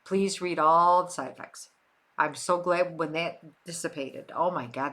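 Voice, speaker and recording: An older livestream host from Western New York speaks a little slowly in a low-pitched, fairly bright voice with fairly even intonation. She chats casually, answering viewers and repeating phrases to drive them home.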